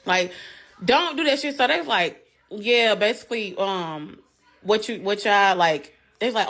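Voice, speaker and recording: A woman telling a story in a casual, profane and animated way. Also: mid-range voice, a little fast.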